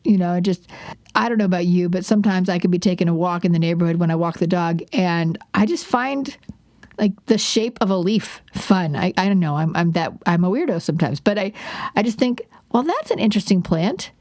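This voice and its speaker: A woman's voice: fairly low pitch, expressive, a little fast, darkish tone, dry recording, studio quality. A woman in her forties hosting a parenting podcast, talking in a chatty, self-deprecating way with frequent restarts. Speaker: podcast host. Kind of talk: casual parenting podcast talk.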